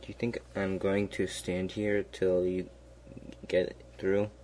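A man voicing a stubborn, grumbling peasant in a storybook reading, in a low, deliberate voice close to his own. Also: little pitch movement, a little mellow, slight background noise. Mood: scolding. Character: grumbling stubborn male peasant, middle-aged.

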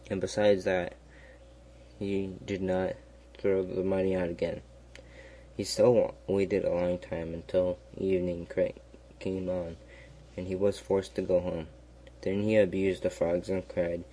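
Deep mellow guy slowly reading a fairy tale, kinda flat, trips over a word now and then. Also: slight background noise. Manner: slow, even reading with small slips and restarts. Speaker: storyteller. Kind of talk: fairy tale read aloud.

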